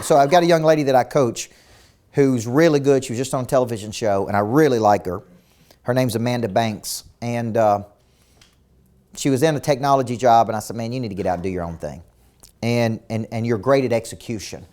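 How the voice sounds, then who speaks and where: In a mid-range, slightly mellow voice, a man coaches a virtual seminar as a business coach. He is intense and emphatic, throwing rhetorical questions at the audience and repeating words as each point gets started.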